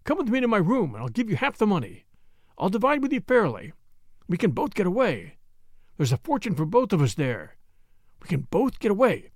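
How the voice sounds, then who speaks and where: A man's voice: high voice, huge pitch swings, normal speed, vocal fry, no echo, clean studio sound, full character voice. A man voicing a desperate, cornered male murderer who pleads breathlessly in a panic. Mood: begging. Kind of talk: audiobook character voice.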